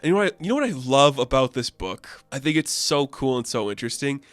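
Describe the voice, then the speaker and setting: Here a man talks his way through a comic book review in a rambling, casual manner, full of fillers. He's a fast talker with big pitch swings around a mid-level, smooth, clear voice; the audio is dry, close to the mic, and echo-free.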